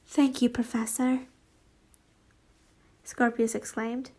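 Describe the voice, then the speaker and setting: Slow, giggly young woman reading fanfiction. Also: fairly high pitch, creaky, a little mellow. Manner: giggly, rambling, apologetic. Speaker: fanfiction reader. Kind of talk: casual reading with chatty asides.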